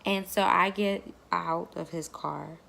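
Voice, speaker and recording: A woman's voice: lowish voice, fairly even intonation, takes it slowly, creaky, a bit bright. A woman vlogger telling a personal story in a casual, rambling way, full of fillers.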